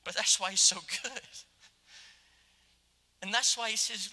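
A male pastor preaching a passionate sermon, swinging from loud exclamations to hushed, quiet asides. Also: high voice, steady tone, unhurried, pauses often. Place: church sanctuary. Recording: long hall reverb.

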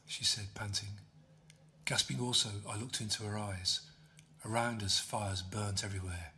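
A man reading his own novel aloud as an audiobook, steady storytelling. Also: on the low side, moderate pace, slight background noise. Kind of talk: audiobook narration.

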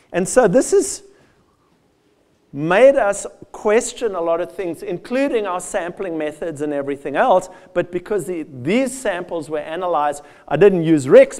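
A man giving a lively, conversational field day presentation with slides, addressing farmers directly and joking at his own expense. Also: high voice. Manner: lively with self-deprecating asides. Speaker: soil health speaker.

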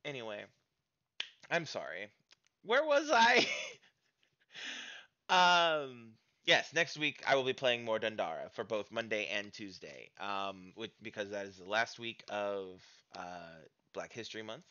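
An American man chats casually at the end of a stream, rambling, with many fillers and restarts. His voice sits a little low but has a bright, forward edge. The audio is dull and lo-fi. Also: a little slow. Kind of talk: casual stream outro chat.

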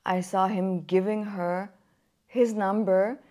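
A woman's voice: mid-range voice, takes it slowly, slight background noise. A woman in her thirties hosting a podcast, chatting candidly about dating and acting out quotes as she tells stories. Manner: chatty, candid, animated storytelling with acted quotes. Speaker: podcast host. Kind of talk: casual chat about dating. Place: Germany.

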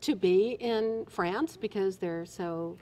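A middle-aged woman from New Jersey, telling stories as an interview guest in an animated, emphatic way. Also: mid-range voice, slow pace. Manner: animated storyteller, expressive and emphatic. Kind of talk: casual interview chat.

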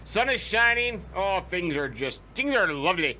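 A man's voice: sits high, sing-song, moderate pace, sharp tone. Goofy chatty man narrating a farming game. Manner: chatty, goofy, rambling, repeats words for fun. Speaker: let's play host. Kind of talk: casual gameplay commentary.

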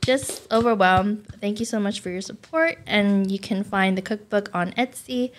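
A woman's voice: medium pitch, moderate pace, background noise. A woman co-hosting a podcast, talking modestly and hesitantly, with many fillers. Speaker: podcast co-host. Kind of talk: casual podcast chat.

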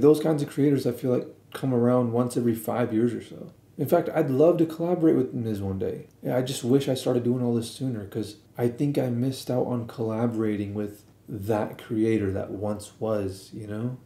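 A man in a relaxed, rambling commentary monologue, circling back and restarting his sentences as he goes. His voice is mid-pitched and deeply mellow and dark. The recording carries a noticeable room echo. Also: moderate pace, hardly any pauses. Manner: rambling, filler-heavy, with frequent restarts; laid-back, shrugs things off. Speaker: streamer commentating on a streamer.

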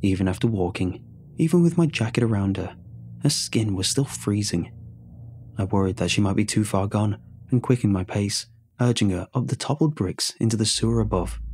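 Man, horror story narrator, low voice, measured and tense, faint hum behind. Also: a little mellow.

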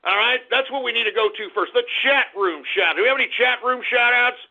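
A man hosting a radio show, angry and swearing, often breaking into shouts. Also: very high-pitched, brisk. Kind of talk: profane ranting radio talk. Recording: dull lo-fi radio recording.

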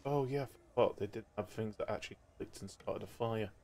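A man's voice: fairly low pitch, a little fast, darkish tone. A man giving jokey let's-play commentary, laughing often. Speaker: gameplay commentator.

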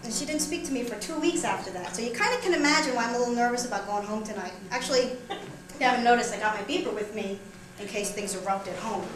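A woman's voice: fairly high pitch, fast talker, background noise. A woman performing a stand-up comedy monologue on a small theater stage, chatty and teasing as she jokes with the audience. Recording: roomy live room with audience.

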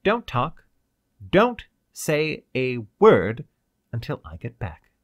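A man's voice: mid-range voice, wildly swooping pitch, takes it slowly, no room sound, clean studio sound, voice pushed up. A male reader voicing a brusque senior scientist in an audiobook, giving clipped, emphatic orders. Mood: commanding. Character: brusque senior scientist, commanding, secretly villainous.

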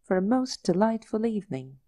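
A woman reading the part of a timid clerk playing up a gallant highwayman, with ceremonious delivery. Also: very animated, brisk, warm tone, no room sound.

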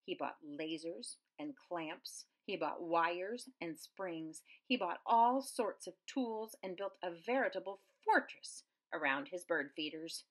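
Expressive woman reading a children's book. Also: takes it slowly, hardly any pauses. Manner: expressive, with big swings in pitch and loudness. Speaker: storyteller. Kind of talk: children's book read-aloud.

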